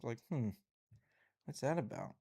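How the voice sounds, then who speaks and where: A man's voice: medium pitch, a little slow, warm tone, slightly rough. A man hosting a live stream, casually chatting and reading headlines aloud with musing asides.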